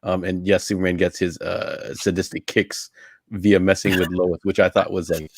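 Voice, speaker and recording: A man's voice: sits low, level tone, moderate pace, dry recording, clean studio sound. A man co-hosting a casual live podcast, reading the live chat, laughing often and tripping over his words. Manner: laid-back, laughs often, stumbles and repeats words.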